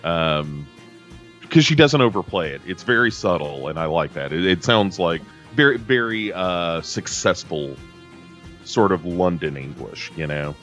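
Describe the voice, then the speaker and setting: A low-pitched American man chatting loosely on a film podcast, rambling through his thoughts and restarting sentences as he goes. Soft music sits faintly underneath his voice. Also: lively intonation, measured pace. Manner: rambling, self-interrupting, chatty. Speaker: podcast co-host. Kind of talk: casual chat.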